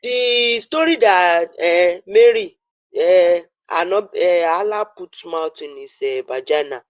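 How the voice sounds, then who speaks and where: A man's voice: high voice, expressive, takes it slowly, no echo, low-quality recording. Nigerian man pressing a debate point. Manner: pressing, repeats names and fillers. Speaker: debater on a live stream. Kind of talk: heated live-stream debate.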